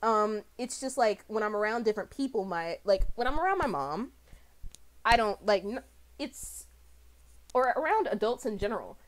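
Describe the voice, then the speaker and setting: A woman's voice: mid-range voice, very animated, moderate pace. A woman from the United States in casual chat as co-host, rambling and self-mocking, with many fillers. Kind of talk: casual chat over a drawing stream.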